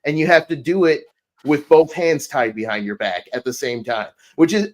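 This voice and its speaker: Man, slightly high voice, profane and emphatic, confident explainer. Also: expressive, moderate pace. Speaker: podcast guest. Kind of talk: casual chat, explaining an argument.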